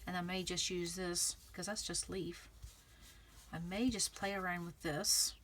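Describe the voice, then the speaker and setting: A woman's voice: on the low side, little pitch movement, a little slow, a bit bright, slight background noise. A woman vlogging a scrapbooking tutorial, chatting casually and thinking aloud as she works, often checking in with the viewer. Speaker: craft vlogger. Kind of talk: casual crafting tutorial, talking while working.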